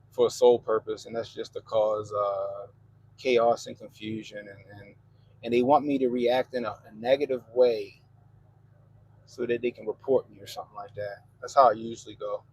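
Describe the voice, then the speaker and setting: Going through comments on his livestream, a man from Baltimore, Maryland, talks with a Baltimore accent in casual, profane, laid-back banter. The voice is mid-range and a little mellow at a moderate pace, captured in a low-quality recording with slight background noise.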